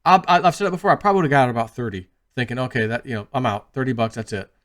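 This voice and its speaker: A man's voice: medium pitch, very fast. A man talking casually to his viewers in a rambling monologue, full of restarts and retold conversations. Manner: chatty, rambling, lots of restarts and retold asides. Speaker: crypto YouTuber.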